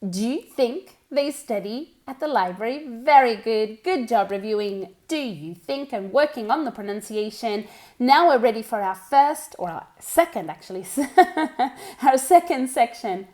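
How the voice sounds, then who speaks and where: This upbeat teacher speaks on the high side, with lively intonation and a dark tone. In a bilingual English lesson, she encouragingly works through pronunciation at a slow pace, saying words again and again.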